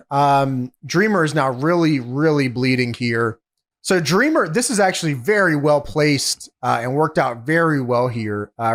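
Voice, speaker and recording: A male podcast host walking through a match in a casual, matter-of-fact recap. His voice sits a bit high and moves around a lot, with a teasing edge. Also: a bit bright.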